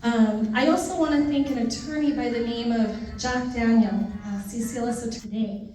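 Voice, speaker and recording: A woman in her thirties gives a heartfelt speech in a large indoor hall, heard from a distant microphone with heavy, echoing reverb. Her voice sits a little high but sounds mellow, and she moves between thanking people by name and telling light anecdotes. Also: a little fast. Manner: heartfelt, lists names, tells light funny stories. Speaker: newly sworn judge giving a thank-you speech. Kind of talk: formal ceremony speech with personal anecdotes. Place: large indoor ceremony room.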